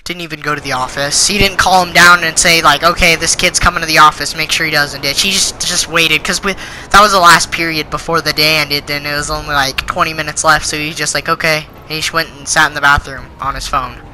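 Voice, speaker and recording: A teenage boy who hosts a channel does a storytime rant about school, indignant and rambling with lots of fillers. His male voice is on the high side, steady, brisk, bright and forceful, recorded in low quality with slight background noise.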